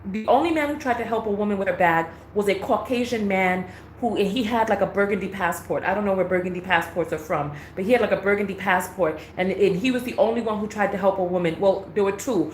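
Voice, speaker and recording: A woman from New York telling a travel story in a casual vlog, animated, laughing often and acting out dialogue. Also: medium pitch, fast talker, roomy sound, a little hiss or hum. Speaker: travel vlogger.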